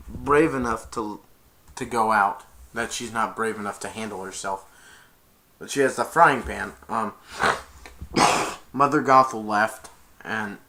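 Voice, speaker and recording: A man's voice: mid-range voice, sharp tone. A man casually retelling a film's plot, rambling and stringing each event together with "and then". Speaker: film reviewer.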